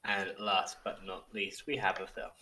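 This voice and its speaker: A man hosting a tabletop game as dungeon master, narrating in a relaxed, measured way. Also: sits low, low-quality recording.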